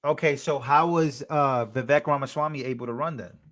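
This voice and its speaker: A man's voice: mid-range voice, brisk, fairly bright tone. A young man hosting a live stream, chatting casually, reading out chat messages and thanking donors.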